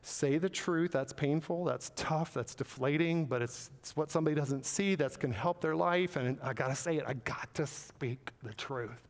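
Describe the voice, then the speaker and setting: A man preaching in a church sanctuary, his fairly high voice ringing out with a long reverb from the hall. He speaks earnestly and stumbles over repeated words as he hunts for the right phrase. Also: moderate pace, hardly any pauses. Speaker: pastor. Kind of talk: sermon.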